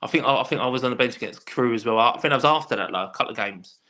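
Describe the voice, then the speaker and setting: Bloke, talks fast, bright voice, lots of stumbles and swearing. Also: male voice, medium pitch. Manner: animated storyteller, swears freely, many restarts. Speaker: guest, former footballer. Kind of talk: casual podcast chat.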